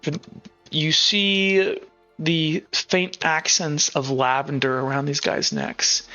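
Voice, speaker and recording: A man's voice: fairly high pitch, level tone, slow, sharp tone, highs cut off, faint music behind. A man running a tabletop game as game master, narrating casually with lots of filler words.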